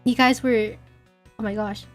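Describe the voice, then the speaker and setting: A young woman streaming a game, chatting casually in a giggly, rambling, self-deprecating way, her throat a little dry and husky. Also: a little high, fairly even intonation, unhurried, soft background music. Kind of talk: casual gaming stream chat.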